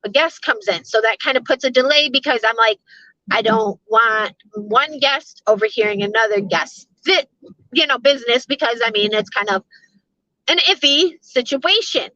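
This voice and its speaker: A high-voiced woman with a bright, sharp tone tells a long story vlog-style, full of fillers, restarts and asides. The sound is dull and lo-fi, like a phone, with almost no room echo. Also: normal speed. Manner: rambling, lots of fillers and restarts. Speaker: vlogger.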